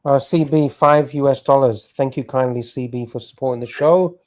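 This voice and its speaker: A man's voice: medium pitch, normal speed, few pauses, darkish tone. A man hosting a casual livestream, reading viewer donations aloud, loose and sweary. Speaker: livestream host.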